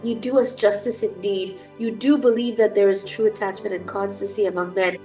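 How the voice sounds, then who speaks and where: A young woman reads the lines of a dating sim aloud while she plays, nasal from a cold, her voice sitting at an ordinary middle pitch. She breaks off now and then into chatty, gushing asides, and faint music plays under her. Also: steady tone, brisk, mellow, poor audio. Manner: chatty, gushing asides between plain readings. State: has a cold. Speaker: gameplay streamer reading a dating sim aloud. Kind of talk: reading game text aloud with casual commentary.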